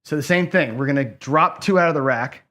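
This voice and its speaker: A man's voice: on the high side, a little fast, fairly bright tone. A man hosting a casino craps video, thinking aloud through bet math, correcting himself and chatting to viewers. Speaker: host playing casino craps. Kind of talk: casual gambling commentary.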